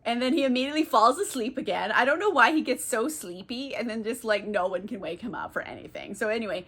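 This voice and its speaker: A woman's voice: a little high, lively intonation, fast, fairly bright tone, husky. A tipsy woman retelling a classic book as a casual comedic recap, rambling, swearing and giggling. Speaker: book vlogger.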